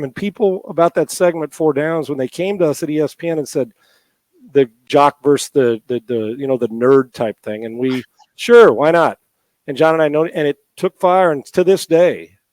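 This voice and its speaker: A man's voice: fairly high pitch, a little mellow, dry recording. A middle-aged man, a guest in an interview, talking in a heartfelt, emotional way with many restarts. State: emotional, near tears. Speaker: guest, former NFL quarterback and radio host.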